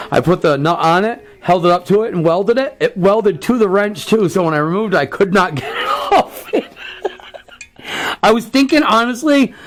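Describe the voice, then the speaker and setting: A man hosting his own vlog, talking casually to viewers about a truck engine build and ranting in frustration. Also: a little high. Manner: frustrated, ranting, keeps saying "you guys".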